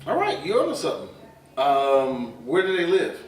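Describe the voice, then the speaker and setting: A man co-hosting a casual podcast who jokes and fires back quick comebacks. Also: a little high, wildly swooping pitch. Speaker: podcast co-host. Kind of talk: casual chat. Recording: echoey room, distant mic.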